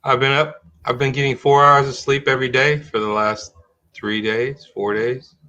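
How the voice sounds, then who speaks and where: Middle-aged guy hosting a live stream, kinda bright sharp tone, rambles and restarts a lot. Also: mid-range voice, fairly even intonation, normal speed, lo-fi sound. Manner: rambling, restarts sentences, thinks aloud. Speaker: host of a live-streamed talk show. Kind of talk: casual livestream chat.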